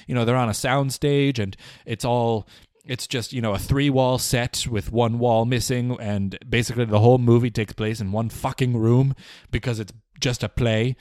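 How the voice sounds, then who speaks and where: A man's voice: mid-range voice, moderate pace, few pauses, no echo, studio quality. A young man hosting a comedy podcast, delivering a pompous, rambling, mock-serious film review with stammering restarts. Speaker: podcast host. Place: small studio.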